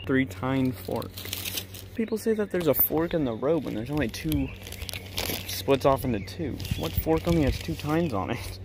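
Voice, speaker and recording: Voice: medium pitch, lively intonation, moderate pace. A vlogger rambling and joking to viewers while hiking through the woods, filmed on a handheld camera. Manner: giggly, joking, talking to viewers. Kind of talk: rambling solo hiking vlog. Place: outdoors in woods. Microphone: handheld camera mic. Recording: clear outdoor nature noise.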